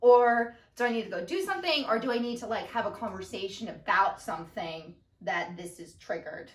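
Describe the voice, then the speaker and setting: A young woman, co-host and daughter, chatting in an animated, goofy way and acting out her own thoughts. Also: mid-range voice, a little fast. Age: young adult. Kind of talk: casual conversation. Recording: roomy, distant from the mic.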